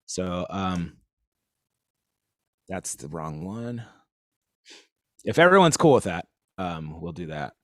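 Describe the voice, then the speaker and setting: A man's voice: low-pitched, very animated, slow, long pauses, a bit bright, dry recording, studio quality. A man giving a casual live-streamed drum lesson, rambling and easygoing, with lots of fillers. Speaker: drum teacher.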